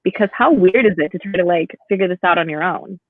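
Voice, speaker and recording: A woman chatting casually on a live podcast, telling stories in an animated way and acting out the people she quotes. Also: on the low side, quick pace, no room sound. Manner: animated storyteller, acts out voices in quotes. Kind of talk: casual chat. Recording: tinny phone-like live stream audio.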